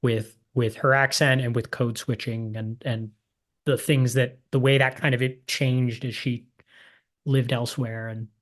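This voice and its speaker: A man hosts a podcast in a mid-pitched, even voice. He speaks thoughtfully and hesitantly, restarting his sentences as he works through an idea. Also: a little slow. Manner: thoughtful, hesitant, repeats words. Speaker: podcast host, ghostwriter. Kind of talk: casual interview conversation.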